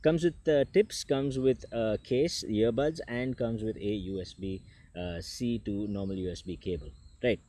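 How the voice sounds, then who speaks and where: A man's voice: lowish voice, measured pace, mellow. A man doing a casual tech unboxing vlog, chatty and joking, talking to the camera. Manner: chatty, self-deprecating, jokes aside. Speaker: tech reviewer. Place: indoors with people nearby.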